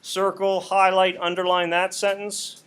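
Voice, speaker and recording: Patient male English teacher, slightly high voice. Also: monotone, measured pace, fairly bright tone. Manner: patient, repeats key points to students. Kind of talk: classroom instruction. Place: classroom.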